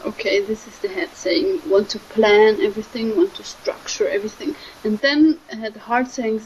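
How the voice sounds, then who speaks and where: A young woman, giving a gentle, halting spiritual talk that often trails off softly. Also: medium pitch, fairly even intonation, slight background noise, low-quality recording. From Switzerland. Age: 20s. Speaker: spiritual speaker.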